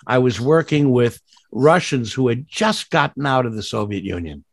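A man's voice: expressive, normal speed, vocal fry, no echo, clean studio sound. Older man telling rambling stories. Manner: rambling storyteller, many restarts and sudden high jumps. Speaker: guest voice actor. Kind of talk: casual interview chat.

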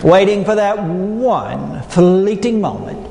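The keynote comes from a middle-aged motivational speaker whose high, mellow voice has lively intonation, vocal fry, and a slow pace. Before an audience in a large hall with long, echoing reverb, he tells folksy stories that land on punchlines.

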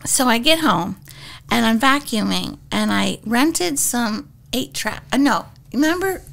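A woman guest on a podcast, telling stories in an animated, giggly way and acting out what people said. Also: fairly high pitch, measured pace, vocal fry. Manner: giggly, acts out quotes. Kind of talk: animated storytelling.

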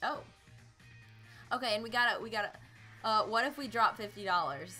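A woman's voice: mid-range voice, normal speed, sharp tone, faint music behind. A woman hosting a live video game stream, chatting casually, greeting viewers by name and laughing often. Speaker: livestream host playing a video game. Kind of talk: casual live gameplay chat.

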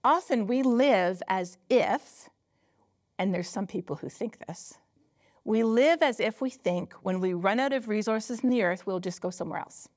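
A woman's voice: mid-range voice, normal speed, a little mellow. A woman climate scientist giving a public lecture, telling stories with emphatic rhetorical questions and frequent laughter. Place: lecture hall at a company headquarters.

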